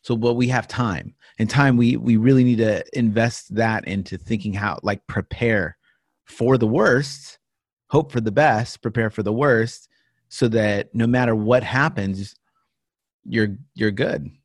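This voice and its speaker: A man co-hosting a casual business podcast, chatty and quick to laugh, often restarting his sentences. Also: on the low side, no room sound, clean studio sound. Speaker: podcast co-host. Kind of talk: casual chat.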